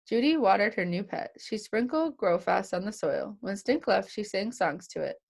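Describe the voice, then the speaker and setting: A woman's voice: mid-range voice, normal speed, gravelly, slightly rough. A young woman reading a children's chapter book aloud to kids, giving each character their own voice. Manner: lively, puts on voices for the characters.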